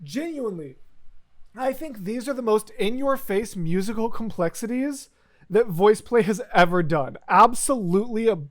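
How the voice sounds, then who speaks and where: A man's voice: high-pitched, moderate pace. A man hosting a music reaction video, talking in a casual, enthusiastic way and gushing with repeated exclamations.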